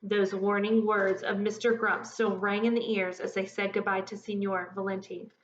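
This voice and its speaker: A woman reading a children's picture book aloud in an expressive, lively storytelling manner. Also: medium pitch, moderate pace, background noise. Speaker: storybook reader. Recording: echoey lo-fi room recording.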